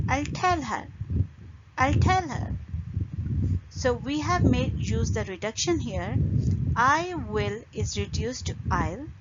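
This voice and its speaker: A woman teaches English pronunciation at a very slow, careful pace, pausing between phrases and sounding out example words. Her voice sits a little high. The recording is dull and lo-fi, with loud steady noise underneath. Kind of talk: slow explanatory lesson.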